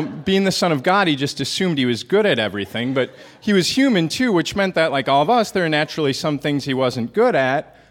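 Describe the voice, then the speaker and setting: Deadpan man telling a comic story. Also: fairly high pitch. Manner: earnest, hesitant, halting delivery. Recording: hall reverb, faint noise.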